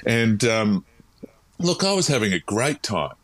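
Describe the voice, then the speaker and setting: An Australian man, a podcast guest, telling his story in a frank, animated, casual way with frequent restarts. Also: on the low side, a little slow.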